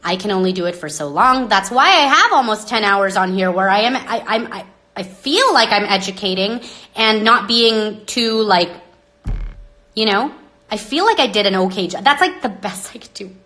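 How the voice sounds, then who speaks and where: A woman hosting a live stream into her phone, talking dramatically and with exasperation, swinging between loud outbursts and hushed asides. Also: medium pitch, animated, moderate pace. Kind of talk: rambling live-stream monologue.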